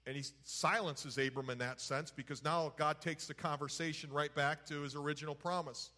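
A man's voice: on the high side, fairly even intonation, moderate pace, pushed and bright. A man teaching from the Bible in a folksy, conversational way, retelling scripture in everyday words.

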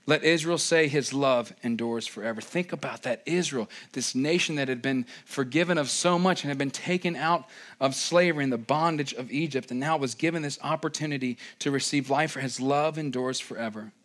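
A man, a pastor, preaching a sermon who swings from raised, emphatic lines to quiet, low ones. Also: fairly quick.

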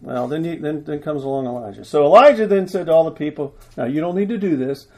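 A jovial male preacher reads a passage and breaks off for playful asides to the people acting it out. His voice sits a little high yet sounds warm and mellow. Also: quick pace, poor audio. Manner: jovial, directing volunteers with asides. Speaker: preacher directing a scripture skit. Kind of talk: sermon reading scripture aloud.

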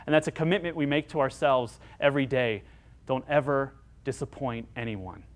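A man preaching a sermon as pastor, earnest and dynamic, moving between emphatic lines and hushed ones. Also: medium pitch, normal speed.

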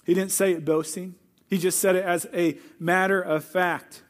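Earnest high-voiced male preacher. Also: flat delivery, normal speed. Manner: earnest preaching, closing in prayer. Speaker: pastor. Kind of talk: sermon.

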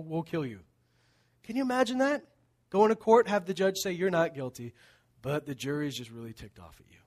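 A middle-aged male pastor preaching a sermon, animated storytelling with laughs that drops to hushed tones. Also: on the high side.

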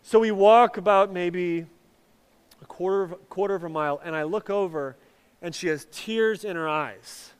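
A man's voice: sits high, moderate pace, clean tone, long reverb tail. A man preaching a sermon, telling a personal story in a conversational way with many fillers and restarts. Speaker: pastor.

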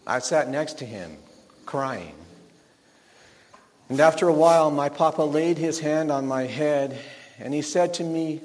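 A middle-aged man playing a shepherd father, gently telling his son a story in a scripted monologue. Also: mid-range voice, a little slow, in a large hall.

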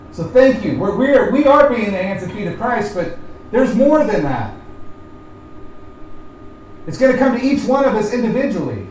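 Male pastor, high voice, preaching from a distance in a very echoey church, building to loud emphatic points before a quiet prayer. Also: a little hiss or hum. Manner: rises and presses hard on points, then drops to a quiet prayer. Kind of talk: sermon. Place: church sanctuary. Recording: echoey church room from far off.

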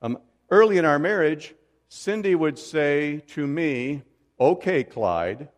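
A man's voice: on the high side, expressive, unhurried, in a large hall. A middle-aged man preaching a sermon to his congregation in a conversational way, with joking asides. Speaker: pastor. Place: church sanctuary.

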